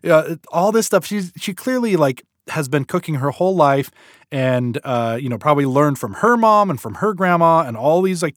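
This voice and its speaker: Brief: male podcast co-host, lively up-and-down delivery, slightly higher pitch, dry close mic. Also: no echo. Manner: animated, does exaggerated voices when retelling clips. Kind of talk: casual chat.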